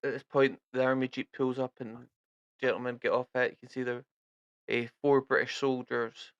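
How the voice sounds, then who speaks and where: Relaxed male game master narrating. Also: medium pitch, normal speed, clean tone, no echo, lo-fi sound.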